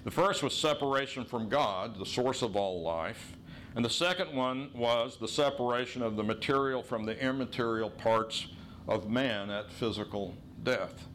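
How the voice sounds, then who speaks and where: A middle-aged man preaching a sermon in an earnest teaching voice, set at an ordinary pitch for a man. He slows down and leans on the key phrases he wants remembered. A faint hum of ambience sits behind him. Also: a bit bright. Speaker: pastor.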